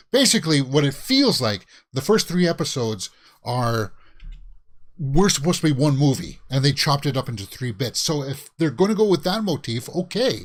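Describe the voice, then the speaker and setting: A man hosting a reaction video, reviewing a show in a casual, rambling way, thinking aloud with many fillers. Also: mid-range voice.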